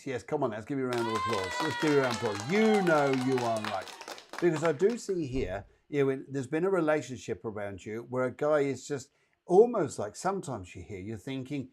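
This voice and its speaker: A man hosts a live psychic show and gives quick mini readings to viewers. His voice sits at a medium pitch. He is chatty and reassuring and talks directly to the people he reads for. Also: sing-song, a little hiss or hum.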